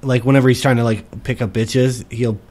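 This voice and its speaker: A man's voice: medium pitch, steady tone, normal speed, a little mellow. A young man chats with a friend on a podcast in an easy, laid-back way. He drops dry asides and swears casually as the talk wanders. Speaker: podcast co-host. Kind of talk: casual chat.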